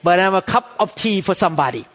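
A man with a fairly high voice preaching in accented, non-native English, pressing each point again and again and calling out for amens. His words ring out with a long, trailing reverb, and the sound is somewhat dull and muffled. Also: expressive, fast, fairly bright tone. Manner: emphatic, repetitive, calls for "Amen?". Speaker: pastor. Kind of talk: sermon.

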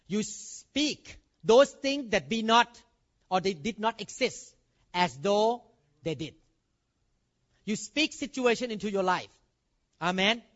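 A man's voice: high-pitched, fairly bright tone. A male pastor preaching a sermon emphatically, calling out amen and quizzing the congregation. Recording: dull lo-fi recording.

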